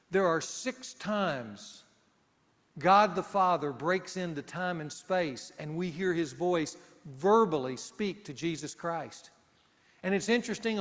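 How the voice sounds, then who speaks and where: A man preaching a sermon, pausing for effect and dropping to a hushed low voice to stress a point. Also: in a large hall. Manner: dramatic pauses, drops to a hushed low voice for emphasis.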